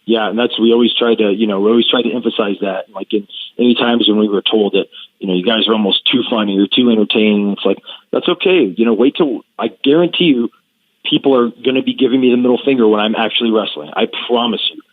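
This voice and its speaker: A middle-aged man guesting on a podcast, telling stories in an animated way between hesitant restarts. His voice comes through a thin, tinny, phone-like line, dry with no room sound. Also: lowish voice, fast, no room sound. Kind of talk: casual storytelling in an interview.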